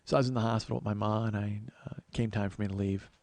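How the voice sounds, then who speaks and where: Man in his 40s as a podcast host, gravelly voice, quick chatty storyteller with swearing, dry close recording. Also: lowish voice, fairly even intonation, darkish tone, no room sound. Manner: chatty, swears casually, acts out quoted voices. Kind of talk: casual storytelling monologue.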